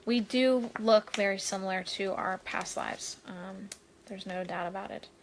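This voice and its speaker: Chatty woman host, mid-pitched, rambling live-stream talk, faint room noise. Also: unhurried. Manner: chatty, rambling, with frequent fillers and laughter. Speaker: spiritual medium host. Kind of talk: casual live-stream chat. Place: home, Maui.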